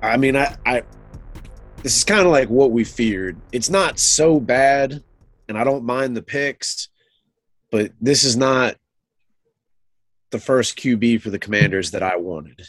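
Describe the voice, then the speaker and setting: A congested man co-hosting a sports podcast, thinking aloud in a halting, casual way. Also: mid-range voice, no room sound, faint music behind. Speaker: podcast co-host.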